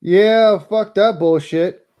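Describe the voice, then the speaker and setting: A man's voice: sits high, slow pace, highs cut off. A man ranting angrily and profanely on a live stream, bitter and heated. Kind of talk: angry live-stream rant.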